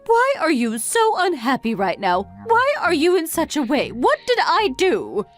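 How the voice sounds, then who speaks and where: A woman's voice: sits high, wildly swooping pitch, faint music behind, exaggerated voice. A woman playing an exasperated middle-aged mother who fires off complaining questions in a dramatized family story. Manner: complaining, rapid-fire questions.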